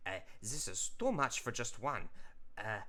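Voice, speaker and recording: Unhurried, lively male host, casual drawing commentary, lots of filler words. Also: mid-range voice. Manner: rambling, with many fillers and self-corrections.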